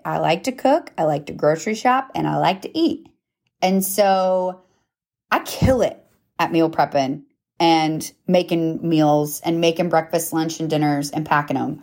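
Fairly low in pitch and darkish in tone, this woman in her thirties hosts a podcast with a casual, motivational bent. Emphatic check-ins like "okay?" and "right?" pepper her talk, and she sometimes laughs at herself.

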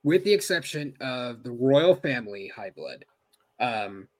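A man's voice: medium pitch, big pitch swings, measured pace, a little mellow. A man co-hosting a podcast in casual chat, thinking aloud with frequent restarts. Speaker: podcast co-host.

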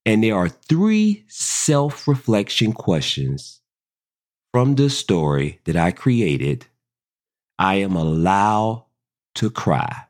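A podcast host slowly reading self-affirmations and repeating key phrases. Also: low voice, sing-song, darkish tone.

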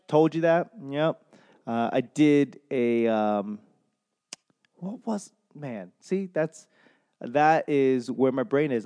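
A man's voice: medium pitch, a little mellow, clean tone. A man hosting a comedy podcast in a casual, rambling monologue, self-deprecating and swearing freely as he loses his train of thought. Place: home in Albuquerque.

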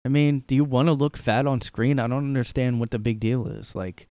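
A man's voice: medium pitch, steady tone, a little fast, darkish tone, clean tone, no echo. Sarcastic rambling man in a dry room. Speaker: podcast host. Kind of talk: casual solo commentary. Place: his room.

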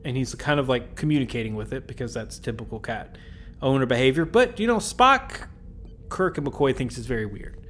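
A man's voice: medium pitch, animated, fairly quick, a bit bright, faint music behind. A man hosting a podcast, recapping an episode in a casual, joking way with rambling asides. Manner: jokey, rambling asides with chuckles. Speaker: podcast host.

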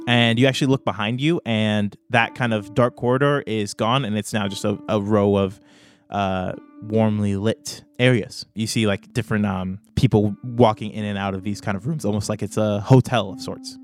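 A man running a tabletop game, his voice sitting a little low. He narrates hesitantly with many fillers, and soft music plays behind him. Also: fairly even intonation, moderate pace. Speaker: game master.

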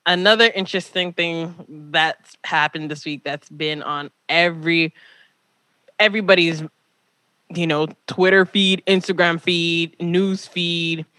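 A woman's voice: fairly low pitch, steady tone, unhurried, pushed and bright. A woman from Toronto co-hosting a podcast, chatting casually and animatedly, teasing her co-host with pressing questions. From Toronto, Canada. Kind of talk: casual chat.

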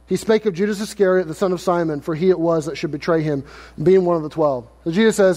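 A male pastor preaching a sermon, reading scripture and acting out quoted lines in lively paraphrase. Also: high voice, a little fast. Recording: long hall reverb.

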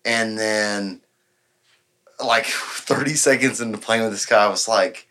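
A guest on a podcast, he tells a meandering bar tale in a lowish, sharp-toned voice, taking his time. He voices the other people's quotes and breaks into laughter frequently.

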